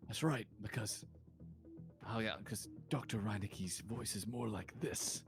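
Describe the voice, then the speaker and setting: Low-voiced man running a tabletop game. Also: measured pace, over music. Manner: laughing, self-deprecating. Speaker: game master.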